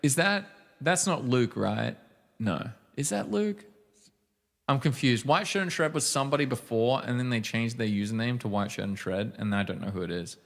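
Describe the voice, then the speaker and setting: A man's voice: mid-range voice, expressive, normal speed, creaky. A man streaming live, chatting casually with his viewers between songs and talking to them by name. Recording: long reverb with loud guitar playing. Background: loud acoustic guitar.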